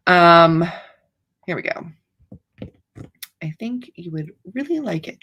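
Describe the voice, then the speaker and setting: A woman's voice: low-pitched, big pitch swings, normal speed, gravelly, a bit bright. A woman author hosting a livestream, chatting casually in a rambling, playfully dramatic way. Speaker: author hosting writing sprints.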